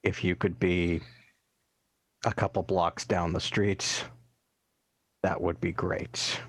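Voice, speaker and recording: A man playing a tabletop game, talking in a deliberate, hesitant way. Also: deep voice, little pitch movement, no room sound. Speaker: player.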